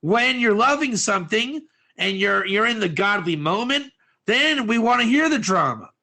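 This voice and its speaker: A man teaching a lively class, acting out little scenes and asking his listeners questions. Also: sits high, moderate pace, gravelly. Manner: animated, acts out quotes, asks audience questions. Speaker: Torah teacher.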